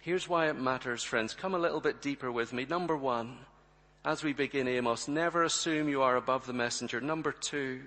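A man's voice: mid-range voice, brisk, bright, forceful tone. A man preaching a sermon to his congregation, emphatic, full of rhetorical questions and direct appeals. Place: church. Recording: reverberant church hall.

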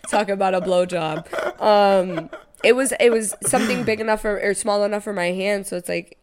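A young woman co-hosts a podcast in a loose, casual chat. She is animated and quick to laugh, and she swears freely. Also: mid-range voice, clean tone. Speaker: podcast co-host.

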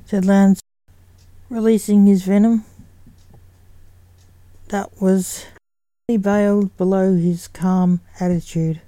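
A woman reading a story aloud at an even, unhurried pace. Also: mid-range voice, dry recording.

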